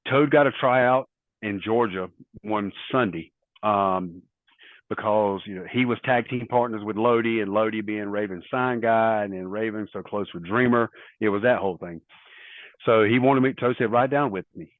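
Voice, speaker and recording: A man's voice: lowish voice, moderate pace, dry recording. A middle-aged man, a former wrestler, telling rambling stories in a casual interview, full of quoted dialogue. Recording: tinny phone-like line, dry.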